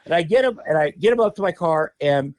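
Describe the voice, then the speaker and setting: A man's voice: fairly high pitch, animated, quick pace, a little mellow. A man who is a podcast guest, telling a wild story in a loose, profane way and laughing mid-sentence. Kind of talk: casual anecdotal storytelling.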